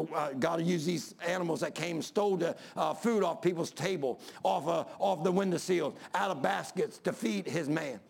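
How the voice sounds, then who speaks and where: A man preaching a sermon to a congregation in church, emphatic and repetitive, building to shouts. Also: high-pitched, vocal fry.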